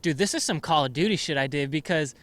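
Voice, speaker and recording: A man's voice: a little high, animated, fast, a bit bright. A young man hosting a podcast, telling rambling childhood stories in casual chat and swearing a lot. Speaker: podcast host.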